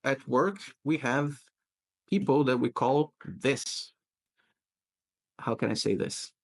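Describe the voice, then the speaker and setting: Gravelly-voiced teacher. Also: male voice, mid-range voice, animated. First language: Portuguese. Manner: patient, repeats words slowly to model pronunciation. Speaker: English teacher and podcast host. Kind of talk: pronunciation coaching in casual chat.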